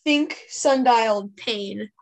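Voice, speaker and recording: Woman, workshop participant, higher voice, nervous and apologetic, video call. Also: slow. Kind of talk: presenting her comic.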